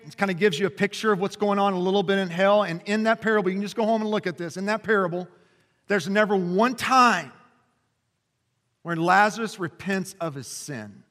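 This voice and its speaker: A man's voice: high-pitched, fairly bright tone. A man preaching a sermon as a pastor, talking casually and conversationally with many fillers. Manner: rises to impassioned preaching. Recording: long hall reverb.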